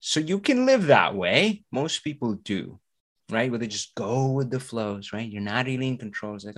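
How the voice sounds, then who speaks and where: Animated man hosting a podcast. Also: medium pitch, normal speed. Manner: animated, acts out little voices and asks rhetorical questions. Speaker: podcast host. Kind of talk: motivational podcast monologue.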